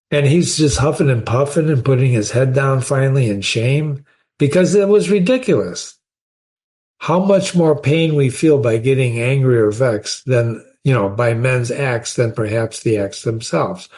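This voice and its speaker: A man's voice: medium pitch, a little mellow. A man hosting a show where he reads a philosophy text aloud and comments on it in an emphatic, conversational way, often asking rhetorical questions. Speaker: host reading and discussing philosophy.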